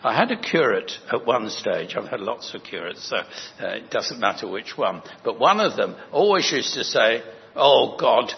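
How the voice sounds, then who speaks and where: An older man preaching a sermon as a parish priest, gentle and anecdotal, with rambling restarts. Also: on the low side, sing-song, moderate pace. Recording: echoey hall, dull lo-fi sound, faint noise.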